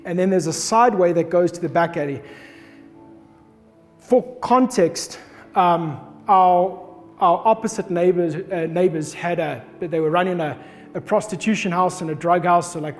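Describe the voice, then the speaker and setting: A man in his thirties delivers a sermon built around a personal story, acting out his own shouts as he tells it. His voice sits high for a man. It rings with the long reverb of a hall, with faint music playing underneath. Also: normal speed. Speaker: pastor.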